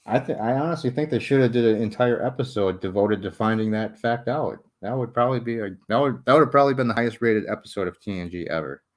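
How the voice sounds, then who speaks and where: A man's voice: medium pitch, fast talker, hardly any pauses. A young man chatting casually with viewers while he builds a model, joking at his own expense, swearing freely and laughing often. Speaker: livestreamer building a model ship. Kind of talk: casual late-night chat with viewers.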